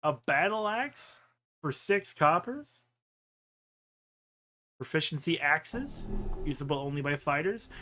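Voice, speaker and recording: A man's voice: on the high side, lively intonation, takes it slowly, pauses often, sharp tone. A man casually commenting on a role-playing game and reading its text aloud, rambling through asides with lots of "like.". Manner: chatty, rambling asides, many "like" fillers. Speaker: let's play host.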